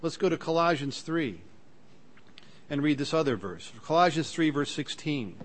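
A man's voice: lively intonation, normal speed. Earnest male preacher reading scripture. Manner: earnest, rises in pitch and volume when reading scripture aloud; plain teaching tone with occasional fillers and restarts. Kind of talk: sermon.

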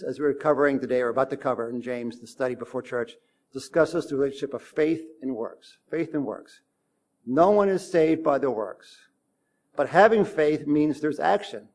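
A male pastor giving a sermon in a relaxed, talky way. His voice sits in a middle register. He reads verses aloud and leans hard on the emphatic lines. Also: medium pitch. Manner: conversational preaching with emphatic bursts.

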